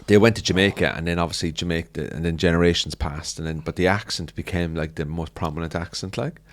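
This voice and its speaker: A comedian from Cork with a softened Cork accent, chatting casually as a guest and slipping into voices. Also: male voice, low voice, fast talker. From Cork, Ireland. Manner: animated, does voices. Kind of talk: casual chat.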